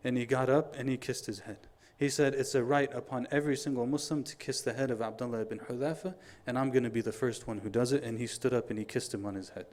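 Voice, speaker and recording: Man, middle-aged, preacher, Friday sermon, animated storytelling, acts out dialogue, brisk delivery. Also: mid-range voice. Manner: animated storyteller, acts out dialogue, recites Arabic quotations quickly.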